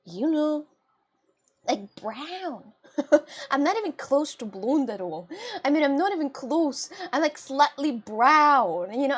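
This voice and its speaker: A young woman with a mixed Russian and British accent chats casually with her live-stream chat, laughing often. Her pitch is fairly high.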